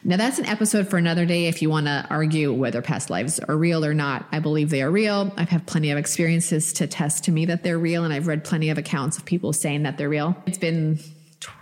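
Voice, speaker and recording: Animated mother telling a story, echoing room. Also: sits low, quick pace. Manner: animated storyteller, acts out quoted voices. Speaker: podcast co-host. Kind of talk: casual chat, storytelling.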